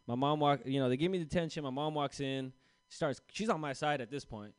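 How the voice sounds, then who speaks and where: A young man working through a stand-up set, telling a self-deprecating story and slipping into quick voices for the people in it. His voice is smooth and clean, and the sound is dry and close. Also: mid-range voice, no echo. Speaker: stand-up comedian. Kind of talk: stand-up set at an open mic.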